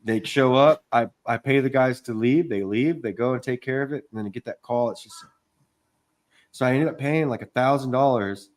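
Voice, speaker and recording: A man's voice: mid-range voice, normal speed. Rambling, cussing contractor guy. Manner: rambling storytelling, swears a lot, acts out quotes. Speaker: podcast co-host, contractor. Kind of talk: casual chat.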